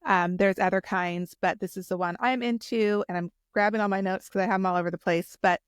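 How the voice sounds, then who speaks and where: A woman's voice: mid-range voice, steady tone, fairly quick, smooth, no echo, studio quality. A woman hosting a solo podcast, talking casually and enthusiastically, rambling with many restarts and fillers. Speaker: podcast host.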